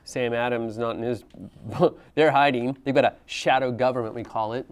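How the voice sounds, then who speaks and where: A man's voice: mid-range voice, fairly even intonation, normal speed, clean tone. A man teaching a history class, talking conversationally and asking students questions as he goes. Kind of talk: classroom lecture.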